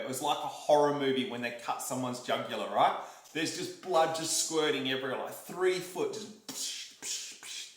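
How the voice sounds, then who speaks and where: A young Australian man vlogging, telling a story to camera in a lively, repetitive way and acting out what people said. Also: a little high. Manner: animated, repeats himself, acts out quotes and demonstrations. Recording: roomy echo.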